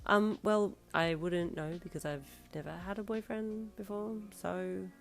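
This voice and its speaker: A woman's voice: mid-range voice, lively intonation, moderate pace, voice pushed up, natural voice. A woman voicing a shy young woman who stammers and gets easily flustered in a storybook reading.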